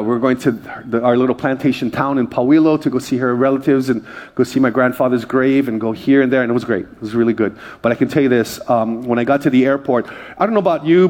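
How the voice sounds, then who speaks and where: A middle-aged male pastor from Hawaii, preaching a lively sermon full of jokes and calls to the congregation. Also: mid-range voice. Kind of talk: sermon with humorous stories.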